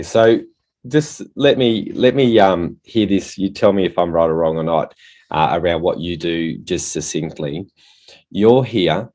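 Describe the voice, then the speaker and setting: A man's voice: sits low, darkish tone. A man hosting a podcast interview, encouraging his guest and summing up her work. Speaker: podcast host.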